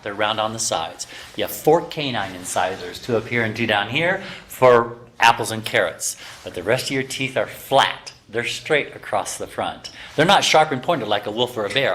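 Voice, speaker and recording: A man giving a lively health lecture to a class of students, teasing his listeners and firing rhetorical questions at them. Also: mid-range voice, a little hiss or hum. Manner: animated, teasing, full of rhetorical questions to the audience. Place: talking to a live class of students.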